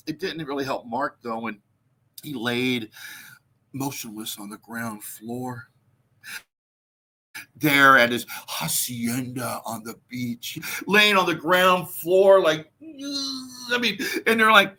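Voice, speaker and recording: A man's voice: medium pitch, lively intonation, takes it slowly, bright, forceful tone. A man hosting a show who rants in a mocking, profane way and laughs often. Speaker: show host. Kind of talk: mocking comic rant.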